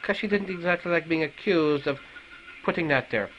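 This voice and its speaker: A man's voice: on the high side, fairly quick, lo-fi sound, slight background noise. A man with an Irish accent, a paramedic telling a work story as a profane, swearing rant. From Ireland. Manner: animated, swearing heavily.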